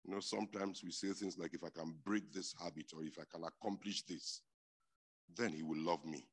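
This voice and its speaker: A man preaching a sermon, emphatic and repeating his key phrases, dropping to quiet stretches and rising to loud, forceful bursts. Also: low voice, fairly even intonation, brisk, husky.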